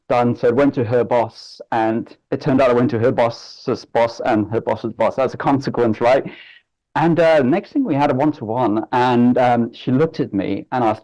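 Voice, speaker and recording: Earnest man telling a story, mellow tone. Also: medium pitch, lo-fi sound. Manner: earnest, emotional, chatty. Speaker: panel guest. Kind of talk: storytelling in a panel talk.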